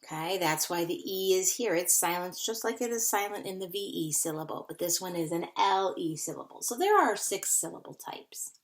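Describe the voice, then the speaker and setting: A woman's voice: lowish voice, normal speed, hardly any pauses. A woman teaching a phonics lesson to young children, patiently repeating words to sound them out.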